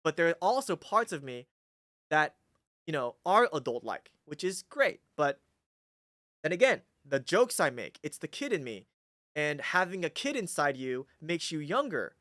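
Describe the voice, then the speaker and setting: A man's voice: a little high, moderate pace, no room sound, studio quality. A man in his forties with a Taiwanese accent, hosting a casual livestream. He jokes a lot and often checks in with "right?". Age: 40s. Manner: animated and joking, with frequent "right?". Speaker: livestream host.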